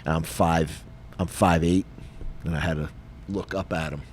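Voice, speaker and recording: A middle-aged retired police officer co-hosting a podcast, telling a story in a lively, casual way and acting out the dialogue. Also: male voice, deep voice, a little slow, slight background noise. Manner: animated, acts out dialogue, frequent fillers.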